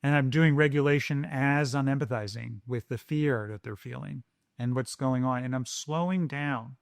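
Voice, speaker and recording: A man co-hosting a parenting podcast, talking slowly and soothingly as he explains how to calm a scared child. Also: mid-range voice, creaky, no echo, studio quality. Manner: slow, soothing, deliberate. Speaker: podcast co-host. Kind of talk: calm parenting advice chat.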